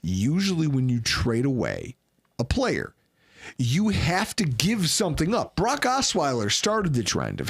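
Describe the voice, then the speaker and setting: A man's voice: fairly high pitch, wildly swooping pitch, measured pace, slightly rough. A man hosting a sports podcast in a studio, ranting sarcastically. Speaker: podcast host.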